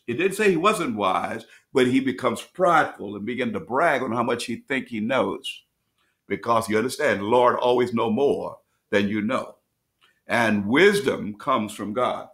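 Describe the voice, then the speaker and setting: A man teaching as pastor at a midweek bible study, reading scripture slowly and restating phrases as he explains. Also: mid-range voice, lively intonation, a bit bright. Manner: preacherly, repeats and restates phrases; reads scripture slowly with rising emphasis.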